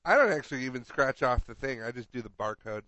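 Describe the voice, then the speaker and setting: Wisecracking man with a lively voice. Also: mid-range voice, fast, no room sound, highs cut off. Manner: dry quips, silly put-on voices. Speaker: podcast co-host. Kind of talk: casual comedic chat.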